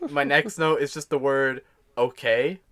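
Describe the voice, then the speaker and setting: A man's voice: mid-range voice, steady tone, a little slow, fairly bright tone. A man co-hosting a podcast, casually reading out his film notes and laughing often. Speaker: podcast co-host.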